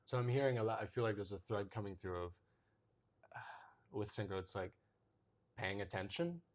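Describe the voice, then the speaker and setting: Low-voiced man thinking aloud. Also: lively intonation, moderate pace. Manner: reflective, thinking aloud with hesitations. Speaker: podcast co-host. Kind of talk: casual chat.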